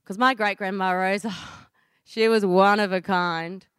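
Woman, Australian accent, thirties, heartfelt storytelling, smooth clear voice, dry close sound. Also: mid-range voice, fairly even intonation, fairly bright tone, no echo. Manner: earnest, heartfelt, deliberate pauses. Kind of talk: personal storytelling performance.

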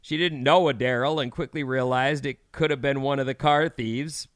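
Wry bright-voiced radio co-host man. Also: medium pitch, fairly even intonation, normal speed, no room sound, clean studio sound. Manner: reads odd news stories with wry asides. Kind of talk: morning radio news banter.

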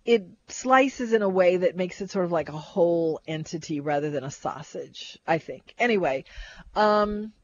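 A woman's voice: lowish voice, expressive, moderate pace, dry recording. Older lady rambling on about cooking, lots of restarts, muffled lo-fi audio. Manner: chatty, rambling, restarts often. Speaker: co-host. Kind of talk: casual chat about food. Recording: dull lo-fi recording.

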